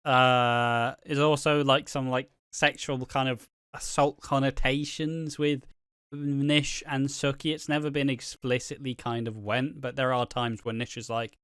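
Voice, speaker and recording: A man chats loosely about soap storylines, wandering through his points and swearing freely. His voice is smooth and clear, recorded close and dry with no room sound. He sits at a middling pitch for a man. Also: flat delivery, a little slow, a bit bright, no room sound. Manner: rambling, swears freely, acts out quotes. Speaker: soap opera commentator. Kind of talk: casual chat.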